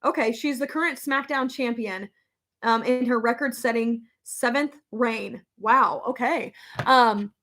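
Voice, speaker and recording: A young woman talks casually to her viewers in a slightly high voice. She is chatty and openly emotional, laughs easily, and fills her sentences with ums and likes. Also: unhurried, fairly bright tone. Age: young adult. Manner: chatty, emotional, laughs often, many fillers. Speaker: vlogger reading live chat. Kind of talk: casual chat.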